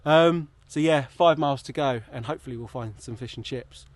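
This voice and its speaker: A man's voice: mid-range voice, fairly quick, a little hiss or hum. A man with a southern English accent chatting casually to camera while out cycling, upbeat with puffing breaths. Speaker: cycling vlogger. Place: outdoors, riding trails and roads.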